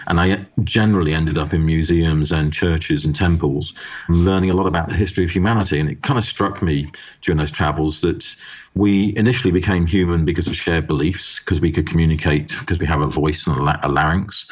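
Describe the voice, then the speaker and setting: A man's voice: sits low, steady tone, fairly quick. A man giving interview answers as a guest author, explaining at length and often repeating words as he starts a thought. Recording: dull lo-fi audio.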